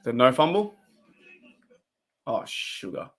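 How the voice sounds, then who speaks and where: A man's voice: medium pitch, sing-song, a little slow, fairly bright tone. Chatty Australian man on a livestream. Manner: chatty, reacts to plays and reads chat aloud. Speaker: live stream host. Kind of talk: casual live-stream game commentary.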